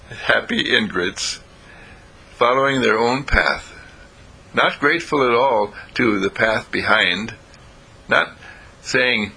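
A man giving a spiritual lecture, speaking in halting phrases with long pauses and repeating lines for emphasis. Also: fairly low pitch, bright, forceful tone, breathy edge. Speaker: spiritual teacher.

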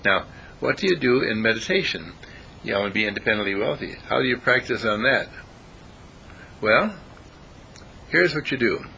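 A man giving an informal spiritual talk, animated and acting out voices as he goes. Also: mid-range voice, normal speed, gravelly, long pauses, a little hiss or hum, poor audio. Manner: animated, acts out voices, chuckles often.

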